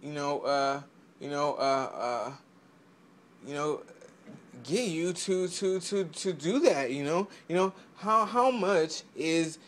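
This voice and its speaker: Vlogger, male, high voice, heated profane rant, stumbles and restarts constantly, faint background hiss. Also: expressive, slow. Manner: swings into loud mock-quoted outbursts. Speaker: vlogger giving selling advice. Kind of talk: profane ranting vlog.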